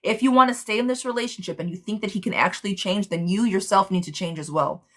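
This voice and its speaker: Speaking quickly at a medium pitch, this woman hosts a laid-back tarot reading streamed live to viewers. Her style is excitable and blunt, full of pet names and curse words.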